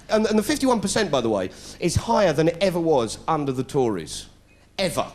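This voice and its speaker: A man's voice: fairly high pitch, big pitch swings, fairly quick, heavy background noise. A middle-aged British man telling a sarcastic stand-up story, putting on voices as he goes. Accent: British English. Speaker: comedian. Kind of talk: stand-up comedy routine. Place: stage before a live audience.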